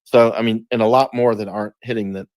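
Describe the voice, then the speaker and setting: A man's voice: on the low side, fairly even intonation, fast talker, darkish tone, dry recording. A man talking as an interview guest, emphatic, often restarting and repeating words. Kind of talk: casual interview talk.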